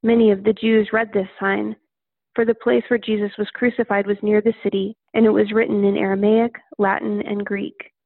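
A woman reading a Bible passage aloud in a steady, plain manner. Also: medium pitch, moderate pace, vocal fry, breathy edge, no room sound. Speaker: scripture reader. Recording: tinny phone-like line.

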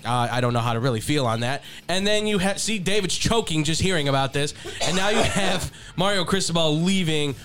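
Casual self-deprecating studio co-host. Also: male voice, fairly high pitch, animated, a little fast, hardly any pauses, fairly bright tone, soft background music. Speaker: board operator and co-host. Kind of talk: sports talk show banter.

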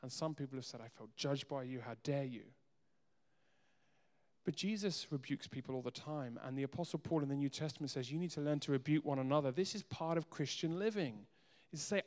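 A man preaching a sermon as pastor, earnest, moving between soft quiet asides and emphatic raised lines. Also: medium pitch, fairly quick. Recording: long hall reverb.

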